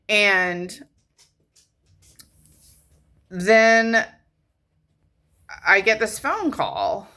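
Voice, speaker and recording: A woman's voice: fairly low pitch, lively intonation, takes it slowly, sharp tone. A woman in her thirties telling a rambling, frank story to her camera, swearing casually and trailing off often. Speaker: vlogger.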